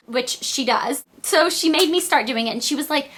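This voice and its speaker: A teenage girl with a Southern accent talks straight to her viewers in a loose, rambling vlog. Her voice is bright and a touch high, with a squeaky edge. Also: brisk, hardly any pauses. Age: teens. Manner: rambling, chatty, animated. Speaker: beauty vlogger. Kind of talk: casual chat to camera.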